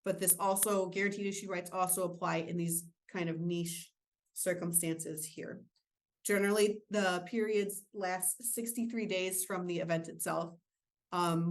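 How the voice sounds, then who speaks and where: A woman with a slightly low voice leads an insurance training webinar. She explains enrollment rules in a relaxed, casual way, dropping in fillers and self-deprecating jokes.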